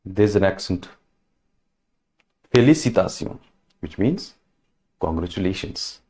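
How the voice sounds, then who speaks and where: A male language teacher with a fairly low voice that still swings widely in pitch as he stresses each word. He moves slowly and patiently, repeating every greeting before explaining it. His delivery is that of a teacher drilling new vocabulary. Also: warm tone. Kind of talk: French lesson, repeating words.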